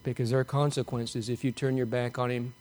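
A man preaching a sermon, animated and emphatic, asking the congregation rhetorical questions. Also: medium pitch, a little fast. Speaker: pastor.

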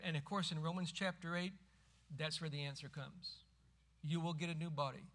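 A middle-aged man preaching a sermon as pastor, emphatic and rising to forceful cries when quoting scripture. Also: a little high, a little fast.

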